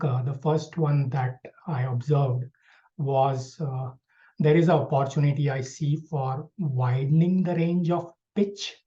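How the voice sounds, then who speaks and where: Man, evaluator at an online meeting, dark mellow tone, halting delivery full of fillers, dull lo-fi call audio. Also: on the high side. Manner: hesitant, many fillers and restarts. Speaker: speech evaluator. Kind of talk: online club speech evaluation. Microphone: video call.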